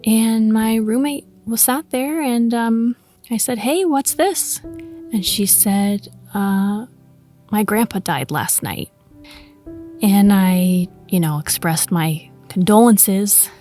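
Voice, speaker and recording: A woman podcast host telling a personal ghost story in a chatty, animated way, acting out the quoted lines. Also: medium pitch, takes it slowly, soft background music. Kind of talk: casual storytelling.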